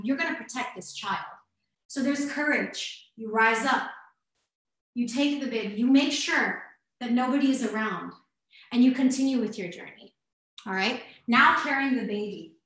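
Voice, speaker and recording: A woman dance instructor leading a guided movement exercise over a video class, narrating slowly step by step with coaching asides. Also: a little high. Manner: slow guiding narration in first person, warm coaching asides. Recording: very echoey room.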